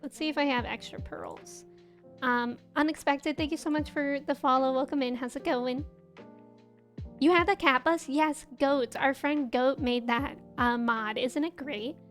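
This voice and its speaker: A woman's voice: sits high, fairly even intonation, unhurried, fairly bright tone. A young woman streaming a farming game, chatting casually, giggling and greeting her viewers as she plays. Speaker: livestreamer. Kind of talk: casual chat while playing a game. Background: faint game music.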